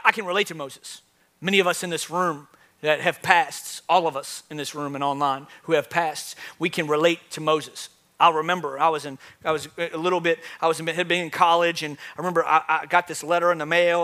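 Animated, high-voiced male pastor preaching. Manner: animated storytelling, swings from soft to loud. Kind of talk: sermon. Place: church with live audience.

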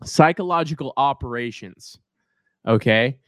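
A man's voice: mid-range voice, measured pace, no room sound, clean studio sound. A young man co-hosting a podcast in casual, joking chat. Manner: joking, animated. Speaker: podcast co-host.

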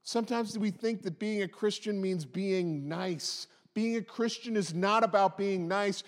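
High-voiced preacher in his forties. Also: measured pace, long reverb tail. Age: 40s. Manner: impassioned, emphatic, repeating phrases. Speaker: pastor. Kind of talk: sermon.

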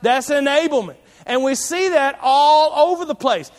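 A pastor delivers a sermon in a notably high male voice. His preaching is conversational yet emphatic, full of asides to the congregation. The sound carries the long reverb of a large church hall. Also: animated, normal speed.

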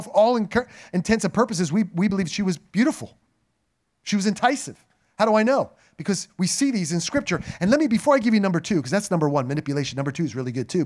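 A pastor preaching a sermon, telling scripture stories and acting out the quotes with lively, dramatic delivery. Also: male voice, sits high.

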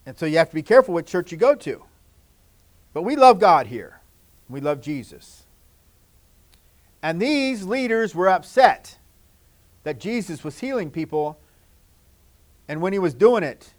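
Male pastor, fairly high voice, children's sermon, gentle and repetitive, sometimes loud, sometimes hushed. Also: sing-song, measured pace, pauses often.

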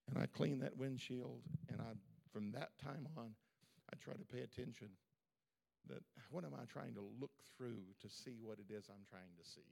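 A man's voice: medium pitch, normal speed, creaky, darkish tone. A male pastor preaching a sermon at a church service in a fervent, conversational way, with lots of repetition.

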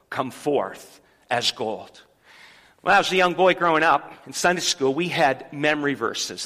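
Man, pastor, sermon, high voice, church hall reverb. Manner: leads the congregation in loud call-and-response. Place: church sanctuary.

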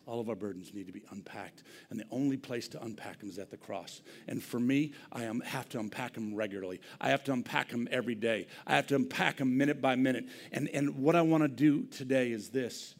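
A man preaching a sermon in a church, dropping to hushed near-whispers and then rising to loud, impassioned bursts, repeating and restarting his words. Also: mid-range voice, brisk, creaky, hardly any pauses. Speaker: pastor. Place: church sanctuary.

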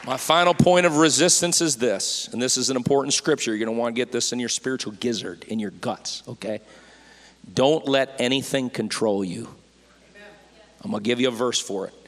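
A man preaching to his congregation, folksy and fervent, his voice climbing to shouted peaks. His voice sits in an ordinary middle pitch. The hall's long reverb trails after each phrase. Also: brisk. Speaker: pastor. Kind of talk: Pentecostal-style sermon. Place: church sanctuary.

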